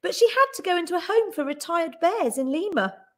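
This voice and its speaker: A woman's voice: very high voice, expressive, a little fast, fairly bright tone, voice pushed up. A woman voicing a small, polite, earnest young male bear in a storybook reading. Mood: wistful. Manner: earnest, stammering when nervous.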